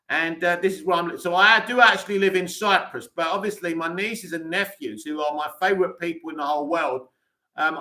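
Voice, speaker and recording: A man's voice: high-pitched, pushed and bright. A man with an English accent, hosting a live stream, reading viewer comments aloud and answering them with blunt, dismissive opinions.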